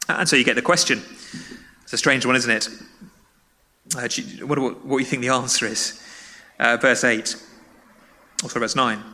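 A man's voice: medium pitch, steady tone, moderate pace, long pauses, bright, forceful tone. A man preaching a sermon in a church, talking in a conversational way and putting questions to the congregation. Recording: long reverb of a large hall.

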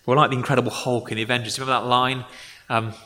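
A man's voice: mid-range voice, flat delivery, rapid-fire, bright, forceful tone, in a large hall. A man preaching a sermon to children and adults, conversational and explaining with examples. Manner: conversational, with acted-out grumbling quotes.

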